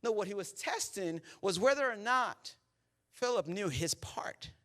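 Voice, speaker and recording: A man preaching a sermon as pastor in a church auditorium. He tells the story in a conversational, animated way, acting out the characters and checking in with the crowd. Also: high-pitched, a little slow.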